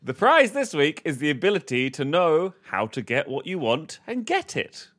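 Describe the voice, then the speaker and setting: A man hosting a comedy quiz podcast, playful and quick with jokes, often laughing. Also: a little high, big pitch swings, fairly bright tone. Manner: playful, giggly, quick asides. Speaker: quiz host.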